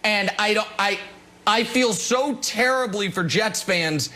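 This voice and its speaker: A man's voice: high voice, a little slow, bright, forceful tone. A man hosting a heated sports debate, sarcastic and incredulous, stumbling over restarts.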